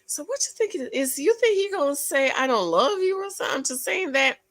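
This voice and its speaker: A woman hosting her own channel, chatting through a reality TV recap with gossipy asides and quick exclamations. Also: sits high, animated. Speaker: channel host. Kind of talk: casual reality TV recap commentary.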